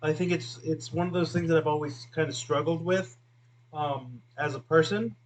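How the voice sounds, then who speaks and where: On poor audio with slight background noise, a video host whose voice is on the high side speaks at normal speed. Cooking at home, he chats in a rambling, self-deprecating way with lots of fillers to a friend off camera while onions make his eyes water.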